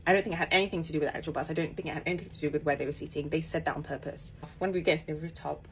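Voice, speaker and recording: A woman telling a personal story in a casual, animated way, emphatic and laughing as she goes. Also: low-pitched, very fast. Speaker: author and podcaster.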